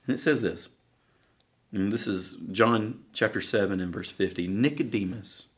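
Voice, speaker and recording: A man preaching a sermon in a conversational, halting way, with frequent fillers and restarts. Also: lowish voice.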